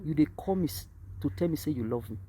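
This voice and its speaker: Animated Nigerian woman speaking Pidgin outdoors. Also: sits low, fast, a little hiss or hum. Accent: Nigerian Pidgin English. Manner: animated, swings between quiet grief and loud outbursts. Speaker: vlogger. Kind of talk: emotional direct-to-camera monologue. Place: outdoors at a cemetery.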